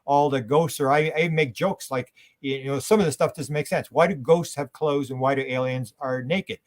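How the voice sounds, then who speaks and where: A man's voice: mid-range voice, normal speed. A man from Canada, a guest in an interview, who rambles animatedly and acts out quotes.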